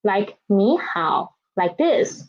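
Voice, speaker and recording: Slow, lilting woman teaching vocabulary. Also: mid-range voice, big pitch swings. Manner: repeats each word twice, drawn-out careful pronunciation. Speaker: Chinese language teacher. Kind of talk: slow classroom instruction with read-after-me drills. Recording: dull lo-fi recording.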